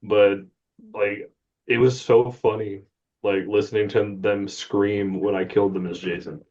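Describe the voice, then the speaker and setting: A man's voice: fairly low pitch, little pitch movement, measured pace, darkish tone. A man co-hosting a gaming podcast in casual, profane chat, laughing often. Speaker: podcast co-host. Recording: dull lo-fi sound.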